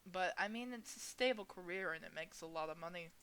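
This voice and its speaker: Young woman reading game dialogue out loud, bright voice, super expressive. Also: lowish voice, fast talker, smooth. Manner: expressive, reads each character's lines with shifting energy. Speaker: gaming channel host. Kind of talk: reading a visual novel aloud.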